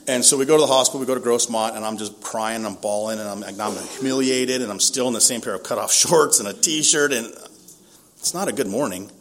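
A man's voice: mid-range voice, a little fast, slight background noise. A man in his forties from Southern California giving a candid, self-deprecating recovery testimony at a meeting, often laughing at himself.

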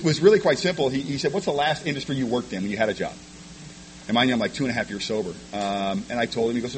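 A man's voice: medium pitch, a little hiss or hum, poor audio. A man sharing his personal recovery story with a meeting, frank and self-deprecating, often stumbling over repeated words. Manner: rapid, stumbling repetitions of words.

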